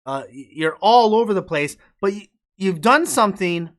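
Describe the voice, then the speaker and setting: Joking podcast host from upstate New York. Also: male voice, sits high, animated, normal speed. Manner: joking, loose, swears casually. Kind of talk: casual live interview chat.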